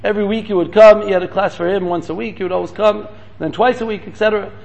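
A man giving a storytelling sermon as a guest speaker, talking in rapid, repetitive bursts sprinkled with Hebrew terms. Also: high-pitched, fairly even intonation, vocal fry, darkish tone.

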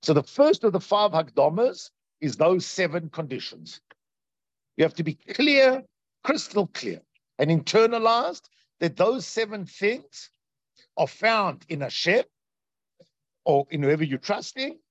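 This Torah teacher speaks unhurriedly in a high-sitting voice, dramatizing quoted voices and asking his listeners questions with energy. There's no room sound on the dull, lo-fi recording.

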